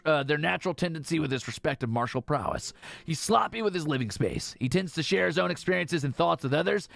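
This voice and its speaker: Animated gravelly male game streamer. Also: sits high, no echo. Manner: animated, reads game text aloud with excited asides. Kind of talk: casual gameplay commentary.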